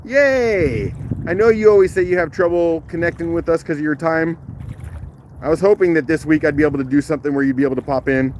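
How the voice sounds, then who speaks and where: A man hosting a casual live stream outdoors on a rocky shoreline, chatting, greeting viewers by name and laughing easily, recorded on a phone held in one hand, his voice a little rough from the morning. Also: fairly high pitch, steady tone, fast, darkish tone, slight background noise. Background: faint outdoor waterside ambience.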